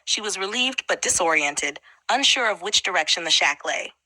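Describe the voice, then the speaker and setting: Brief: woman narrator for a fantasy audiobook, bright tone, dry close sound, steady read. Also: on the low side, moderate pace, no room sound, poor audio.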